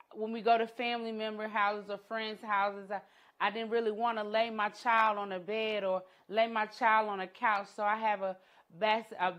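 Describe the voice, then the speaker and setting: A middle-aged woman giving a talk, telling her personal story as an entrepreneur and educator, with dramatic pauses and hushed moments. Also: mid-range voice. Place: conference room.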